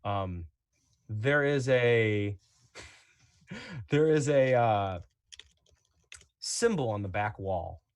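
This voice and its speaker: A man narrating as game master in a tabletop game, relaxed and chatty with many fillers. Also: fairly low pitch, extremely slow, long pauses, no room sound.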